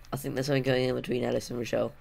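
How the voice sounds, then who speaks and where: A man narrating a let's play, excitable and panicky, with self-mocking jokes, on a desk condenser mic at home. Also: mid-range voice, quick pace, creaky, background noise. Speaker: gaming video host.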